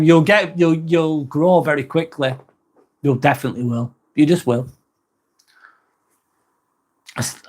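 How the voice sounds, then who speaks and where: A man hosts a relaxed livestream, reading out viewer comments and chatting back. His voice sits a little high for a man, and his talk is loose and frequently broken by laughter and casual swearing. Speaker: livestream host.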